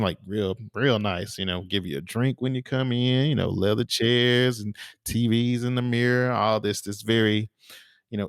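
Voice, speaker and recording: A man's voice: fairly low pitch, dry recording, clean studio sound. A man co-hosting a podcast, chatting casually and telling rambling stories with lots of fillers and restarts. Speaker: podcast co-host. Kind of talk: casual chat.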